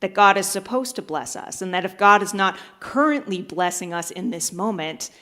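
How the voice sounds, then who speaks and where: A woman's voice: mid-range voice, expressive, normal speed, bright, forceful tone. A woman pastor giving a sermon, telling a joke with acted-out voices and then preaching. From United States. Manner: storytelling, acts out voices in a joke.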